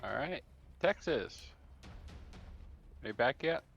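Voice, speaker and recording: A man's voice: mid-range voice, animated, takes it slowly, vocal fry, fairly bright tone, highs cut off, faint music behind. A man running a tabletop game as dungeon master, calling out turns and damage.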